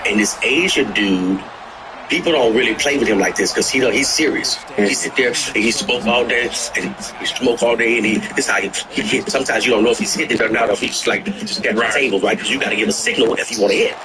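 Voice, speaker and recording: A man telling stories in casual chat, animated, acting out the people he quotes and swearing freely. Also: mid-range voice, fast, noisy background. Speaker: livestream host telling stories. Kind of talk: casual storytelling.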